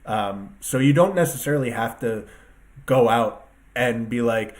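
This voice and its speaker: A man's voice: medium pitch, animated, normal speed, darkish tone. Profane, rambling male commentator. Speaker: online political commentator. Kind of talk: casual solo rant to viewers. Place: at a computer with two screens.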